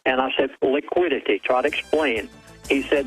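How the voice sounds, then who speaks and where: A man's voice: mid-range voice, fairly quick, faint music behind, low-quality recording. A man who is a guest on a call-in radio show, speaking urgently and dramatically while quoting a source word for word.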